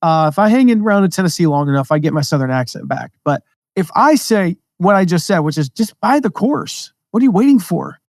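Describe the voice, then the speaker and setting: Energetic American man, slightly high voice. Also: brisk, no echo, clean studio sound. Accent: mostly neutral American. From American Midwest and South. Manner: energetic, conversational, jumps into quoted voices. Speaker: podcast host, affiliate marketing teacher. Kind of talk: casual teaching monologue.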